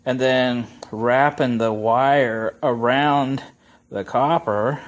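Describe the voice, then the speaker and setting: A man's voice: mid-range voice, very slow. A man, talking casually and with strong opinions as he walks through a wiring job in his workshop. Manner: relaxed, chatty, opinionated, with many uh fillers. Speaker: shop owner and video host. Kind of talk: casual how-to vlog.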